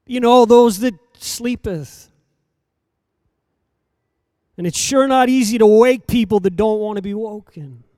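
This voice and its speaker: High-voiced man preaching with fervor. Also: measured pace, pauses often, dry recording, clean studio sound. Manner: swings between hushed lines and loud emphatic calls; repetitive, rhythmic preaching cadence. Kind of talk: sermon.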